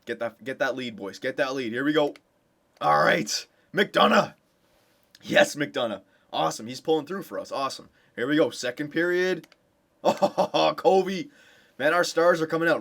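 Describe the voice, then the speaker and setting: Excitable young man cheering a game. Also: a little high, moderate pace. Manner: excited cheering for his team. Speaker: gameplay commentator. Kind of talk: casual video game commentary.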